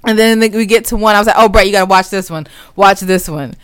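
Una mujer que conversa de forma casual, contando una historia con animación y soltando risitas mientras habla. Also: female voice, mid-range voice, quick pace, clear, resonant tone, no echo. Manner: giggly, keeps chuckling while she talks; animated storyteller. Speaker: podcast co-host. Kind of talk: casual chat.

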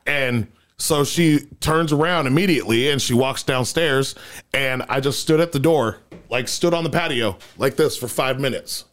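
Brief: male podcast co-host, excitable rambling storyteller, mid-range voice. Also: mid-range voice, moderate pace. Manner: excited storyteller, stacks up repeated "and"s and restarts. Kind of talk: casual podcast chat.

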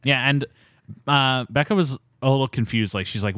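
A man's voice: mid-range voice, normal speed, fairly bright tone, no room sound, clean studio sound. A man hosting a casual movie podcast, joking around and dropping into silly voices. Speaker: podcast host.

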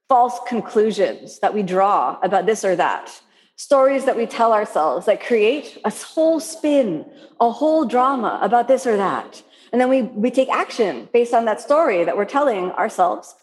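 A woman yoga teacher giving a spoken talk to her class, animated, repeating phrases for emphasis and acting out inner voices. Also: mid-range voice, big-room sound.

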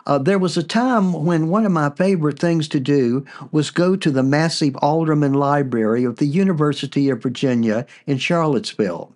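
A man hosting a podcast, narrating a personal story in a relaxed way with frequent fillers. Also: fairly high pitch, normal speed, hardly any pauses. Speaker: podcast host.

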